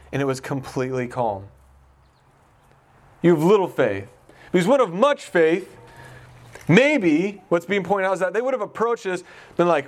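High-voiced man giving a casual Bible talk. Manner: conversational, asks the listener questions. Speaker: pastor.

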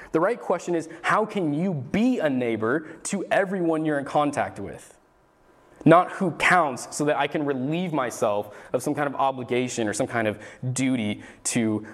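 A man preaching an earnest sermon in a voice a bit higher than most men's. He talks his way through the passage and often restarts a phrase before he goes on. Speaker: pastor.

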